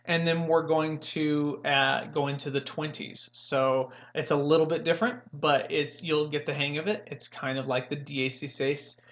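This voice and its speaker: A man's voice: a little high, fairly even intonation, fairly bright tone. A young man giving a casual spoken language lesson, rambling and joking as he corrects himself. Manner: rambling, jokey, self-correcting, slow and drawn out. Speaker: language learning host.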